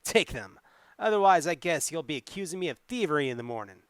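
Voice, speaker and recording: A man's voice: on the high side, sing-song, brisk, fairly bright tone, clean tone, dry recording, pitched above the performer's own voice. A man voicing a surly, resentful coach driver in a solo tabletop game. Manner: spitting, resentful.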